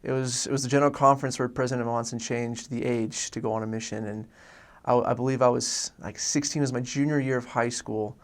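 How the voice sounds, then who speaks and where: A young man from Oregon recounts his own story in an earnest, rambling way, stumbling through restarts and fillers. His mid-pitched voice stays flat and even, with a gravelly fry running through it. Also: a little fast. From Oregon, USA. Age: young adult. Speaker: returned missionary telling his story. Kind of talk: casual personal testimony.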